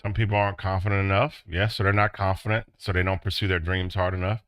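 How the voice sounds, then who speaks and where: Bright crisp guy teaching business, dry close sound, jumps high doing people's voices. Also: fast, no echo. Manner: acts out quotes in a high excited voice. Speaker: business instructor. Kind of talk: classroom lecture.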